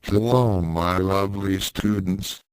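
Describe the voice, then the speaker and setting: Sultry teasing demon teacher lady, read by a man, low slow voice, smooth, dry sound. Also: no room sound.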